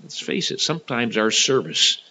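A man preaching a sermon, dramatic, swinging from loud to hushed and often repeating and restarting words. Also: mid-range voice, very animated, moderate pace, poor audio.

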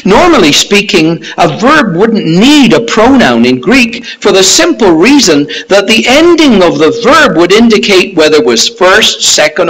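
A husky-voiced male preacher teaching slowly through a passage. His pitch swings widely, climbing high when he voices a protesting disciple and dropping low for quiet asides. The delivery is unhurried and deliberate. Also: low-quality recording. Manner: emphatic, acts out Peter's protests in a raised voice. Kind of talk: expository Bible teaching.

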